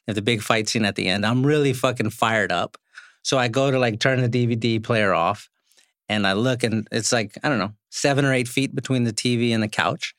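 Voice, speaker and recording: A man in his forties hosts a chatty podcast, spinning animated anecdotes and swearing freely. His voice sits at an ordinary middle pitch. The sound is dry and close, with no room around it. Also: a little fast, dry recording. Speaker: podcast host. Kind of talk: casual chat, storytelling.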